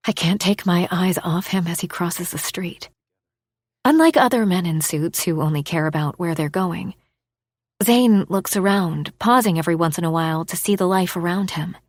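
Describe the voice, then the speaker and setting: A woman narrating a romance audiobook in the first person, expressive, dropping to a hush for inner thoughts. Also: lowish voice, moderate pace, dry recording, studio quality.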